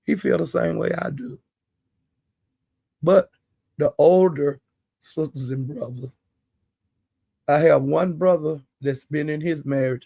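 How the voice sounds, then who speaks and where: A man's voice: a little high, vocal fry, mellow, breathy edge, no room sound. An older man giving blunt, profane commentary in casual chat. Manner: blunt, profane, plain-spoken. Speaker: live-stream commentator.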